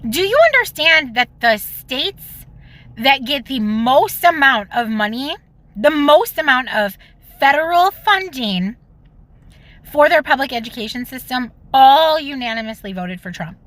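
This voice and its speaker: Woman from Illinois, higher pitch, bright edge, indignant mocking rant into a phone. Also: expressive, dry recording. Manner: indignant, mocking, rapid bursts. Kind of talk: social media reaction rant.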